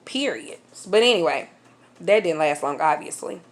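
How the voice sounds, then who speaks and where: A woman vlogger telling a personal story in a casual, animated way, laughing often and swearing freely in slang. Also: deep voice, normal speed. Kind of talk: storytime vlog.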